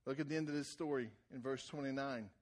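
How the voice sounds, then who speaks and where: A man preaching a sermon in a conversational way, repeating words as he starts phrases and rising to loud, shouted emphasis. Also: medium pitch, steady tone, quick pace. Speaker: pastor.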